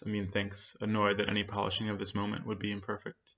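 A man reading a literary story in a measured, quiet way. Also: on the low side, completely flat delivery. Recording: dull lo-fi sound.

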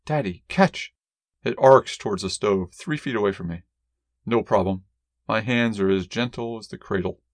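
Low-voiced man reading first-person fiction. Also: moderate pace, no echo, clean studio sound. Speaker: audiobook narrator.

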